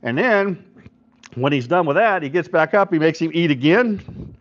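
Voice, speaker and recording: A man's voice: on the high side, animated, moderate pace. Man pastor, middle-aged, casual devotional talk, keeps asking "right?", muffled lo-fi recording. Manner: conversational, often checks in with listeners; retells stories with quoted voices. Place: church hall at a men's breakfast. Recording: dull lo-fi recording.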